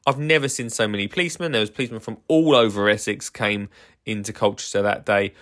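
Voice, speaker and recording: A man's voice: fairly low pitch, quick pace, a bit bright. A man hosting a casual solo podcast, rambling enthusiastically with lots of fillers and restarts. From England. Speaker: podcast host.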